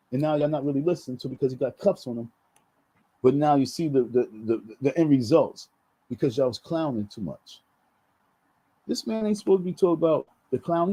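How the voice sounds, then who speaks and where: A man rants on his vlog in a heated, circling way, repeating himself and restarting his sentences. His voice is very dark and mellow, with a husky edge, and sits a little high for a man. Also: poor audio. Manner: heated, repetitive ranting with many restarts and slang. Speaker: vlogger. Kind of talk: venting commentary vlog.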